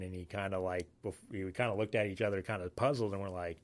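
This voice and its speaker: A man from Alaska, a Navy sailor, telling a story in casual talk, halting and full of fillers. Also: sits low, steady tone. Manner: rambling, halting, many fillers. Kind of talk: casual spoken anecdote.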